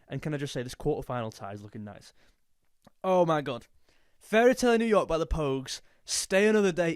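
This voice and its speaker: In a clean studio recording with no room sound, a young man with a slightly high, darkish voice jokes around in casual chat. He's a music YouTuber who sometimes sings bits of songs.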